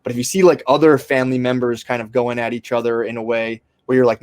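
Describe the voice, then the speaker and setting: Fast-talking man rambling on a podcast. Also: medium pitch, flat delivery, darkish tone, clear, resonant tone, no echo. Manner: rambling, frequent restarts and fillers, swears casually. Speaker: podcast host. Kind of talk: casual podcast conversation.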